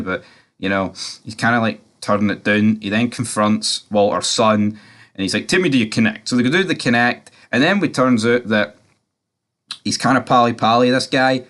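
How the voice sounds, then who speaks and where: A man talking through a TV episode in a loose, rambling way, with plenty of filler words and swearing. His voice sits a little low. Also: a bit bright. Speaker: TV series reviewer. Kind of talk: casual episode recap.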